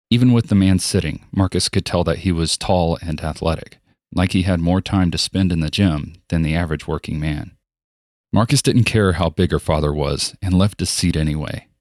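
A man narrating an audiobook in an even, steady storytelling voice. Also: deep voice, no room sound, studio quality. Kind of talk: scripted narration.

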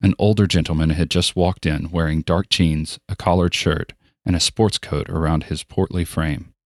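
A man narrating an audiobook in an even, steady storytelling voice. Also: low-pitched, moderate pace, dry recording, studio quality. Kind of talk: scripted narration.

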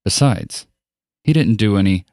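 In an audiobook, a man voices a resentful, hot-headed teenage boy, pitching above his own natural voice. The delivery is expressive and measured, fairly low with a darkish tone, in a dry, clean studio recording.

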